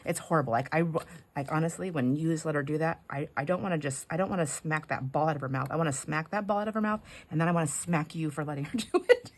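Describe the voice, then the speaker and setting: A deep-voiced, fast-talking middle-aged woman hosts a craft video from home. She keeps up a casual, rambling chat while working, laughing frequently and sometimes slipping into a whisper.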